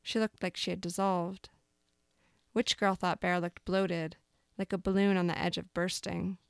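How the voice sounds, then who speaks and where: A woman calmly reading aloud a dark fable, as storyteller. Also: fairly low pitch, measured pace, vocal fry, clean tone, no room sound, clean studio sound.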